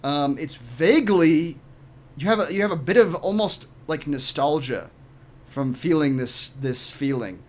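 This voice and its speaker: A man narrating a tabletop game as game master, halting often with fillers as he describes scenes. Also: on the high side, expressive.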